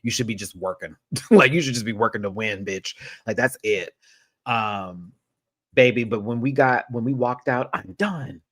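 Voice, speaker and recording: A young man from Houston, hosting a show review as casual chat, sassy and animated, cursing and mimicking others. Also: mid-range voice, moderate pace, dry recording, studio quality.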